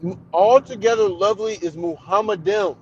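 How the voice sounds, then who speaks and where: A man's voice: high voice, moderate pace, darkish tone, muffled recording, slight background noise. A man calling into a heated debate, insisting on his point, repeating himself and saying "brother" often.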